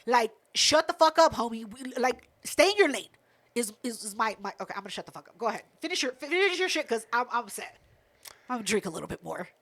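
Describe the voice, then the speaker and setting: A woman co-hosting a podcast, telling a story in a casual, animated rant full of swearing. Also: on the high side, quick pace. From United States. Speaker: podcast co-host. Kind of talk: casual chat.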